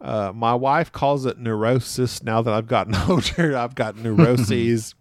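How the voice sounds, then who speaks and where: A man chats as a podcast guest and tells animated stories, often laughing as he talks and poking fun at himself. His voice is recorded close and dry, with no room sound around it. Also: medium pitch, a little slow, no echo. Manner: animated, laughs often mid-sentence, self-deprecating. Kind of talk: casual conversational storytelling.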